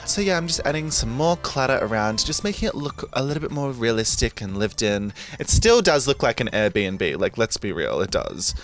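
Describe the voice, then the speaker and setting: Gushing man, lively pitch. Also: normal speed, hardly any pauses, soft background music. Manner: chatty, rambling, gushing, giggly. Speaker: gaming video host. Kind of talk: casual voice-over over gameplay.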